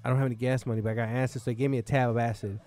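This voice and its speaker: A man's voice: medium pitch, flat delivery, rapid-fire, a little mellow. A man hosting a podcast in a bar, a comedian telling a long, rambling, profane story in casual chat.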